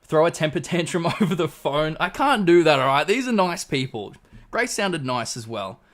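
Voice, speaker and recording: A man's voice: a little high, lively intonation, normal speed, a bit bright. An Australian man hosting a livestream in casual chat, laid-back and swearing freely as he reads out chat messages. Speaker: livestream host.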